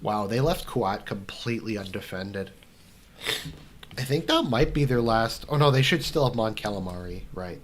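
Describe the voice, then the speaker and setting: A man's voice: on the low side, animated, normal speed, slight background noise. A young man casually answering viewer questions while playing a strategy game, rambling with lots of fillers. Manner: rambling, filler-heavy, restarts. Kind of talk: casual commentary while gaming.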